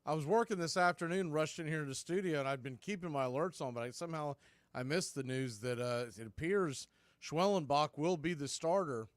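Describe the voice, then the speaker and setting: A man doing radio play-by-play of a baseball game from a studio, calling pitches in a steady, conversational way with background asides. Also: fairly quick, dry recording. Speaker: play-by-play announcer.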